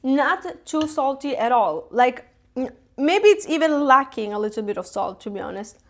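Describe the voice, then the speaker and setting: An Italian cooking streamer chats casually from her home kitchen as she cooks live, giggling frequently. She has a high voice with lively intonation and keeps a moderate pace.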